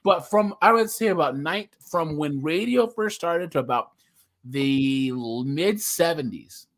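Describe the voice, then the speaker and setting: A young man with a West Coast Californian accent holds forth in casual podcast chat. His voice sits a little high and rings bright. He rambles, restarting sentences and stacking repeated words as he goes. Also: a little slow. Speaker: podcast co-host.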